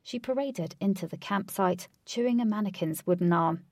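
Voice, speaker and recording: A woman reads an adventure story aloud in a steady, clear voice at a middle pitch. The recording is dry and close, with no room sound around it. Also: moderate pace, no echo. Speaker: narrator. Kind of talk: storybook narration.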